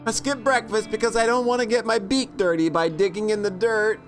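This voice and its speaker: A woman's voice: medium pitch, fairly even intonation, a little fast, faint music behind. A woman playing through a game and reading its story aloud, giggling and swearing, with crow caws thrown in. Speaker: let's play host.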